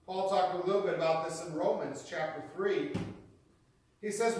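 Man, pastor, sermon, fairly high voice, earnest and emphatic, heavy echo. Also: normal speed, darkish tone. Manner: earnest teaching, repeats key phrases for emphasis. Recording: very echoey hall, mic far off.

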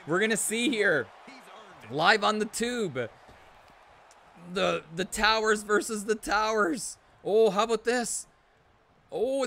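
A high-pitched man streams live and calls a wrestling video game with loud excitement, yelling at big moves and chuckling to himself between viewer shout-outs. A faint hiss of background noise sits under his voice.

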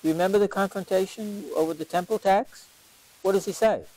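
This lively scripture lecture comes from a man leading a parish Bible study, who takes his time, poses questions to the class, and repeats key lines for emphasis. He has a high-pitched, steady, somewhat dark voice, and the audio quality is poor.

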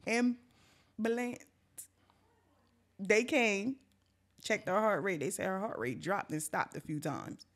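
A woman's voice: medium pitch, unhurried. A young woman hosting a podcast, telling a funny story in a casual, profane way and acting out the other people's voices. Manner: animated and profane, acts out voices. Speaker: podcast host.

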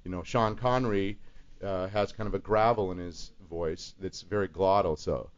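Man, low voice, voice actor guest, teaching tone, dull lo-fi broadcast sound. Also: normal speed, noisy background. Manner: explains voice impressions, demonstrates them. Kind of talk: radio talk show chat.

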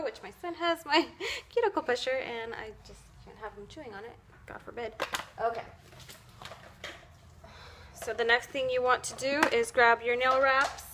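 A woman's voice: fairly high pitch, fairly bright tone, slight background noise. A woman giving a casual at-home how-to tutorial, chatty and rambling, full of fillers, self-corrections and little self-amused laughs. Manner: laughs often at herself. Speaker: nail wrap seller demonstrating at home.

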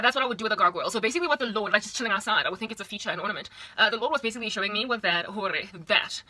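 A young woman from South Africa talking to camera in a casual vlog monologue, animated and chatty with slangy asides, recorded in a small room at home. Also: medium pitch, no room sound, poor audio. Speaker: vlogger.

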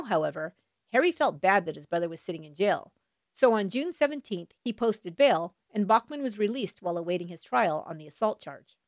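Lively woman telling a crime story. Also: mid-range voice, no room sound, clean studio sound. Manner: wry asides between dramatic retelling. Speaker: true crime podcast host. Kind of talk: scripted true crime narration.

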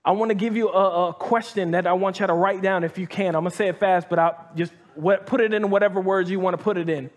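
High-voiced man preaching to a congregation. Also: fairly even intonation, quick pace, few pauses. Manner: conversational preaching with many restarts and repeated "like" and "right?"; reads scripture aloud and comments between verses. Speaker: pastor. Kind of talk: sermon. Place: church hall with live audience.

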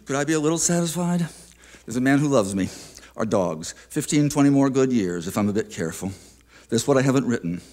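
A man giving a poetry reading at a museum, introducing his poem in a reflective, unhurried way with small hesitations, then reading it aloud. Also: medium pitch, expressive, warm tone. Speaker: featured poet. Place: live reading in an art museum.

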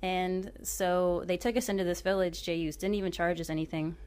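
Woman from Oklahoma, author at a book talk, chatty and self-deprecating, lower-pitched. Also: steady tone, moderate pace, a little mellow, clean tone. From Oklahoma, USA. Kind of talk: casual storytelling with book reading.

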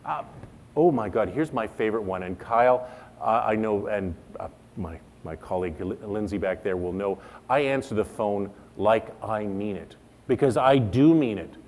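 A middle-aged man leading an interactive workshop, talking to the room in an animated way and acting out the remarks he quotes. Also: fairly low pitch, moderate pace, a little hiss or hum. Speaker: workshop presenter.

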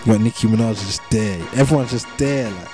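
A fast-talking young rapper from England with a mid-range voice chats in a casual interview. His London street accent and heavy slang come through, along with easygoing repetition, over music in the background.

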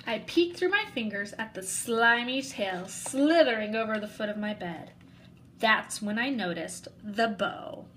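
A woman reading a children's picture book aloud in an expressive way, narrating as a young boy. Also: on the high side, unhurried, a little hiss or hum, rough recording. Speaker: storybook reader.

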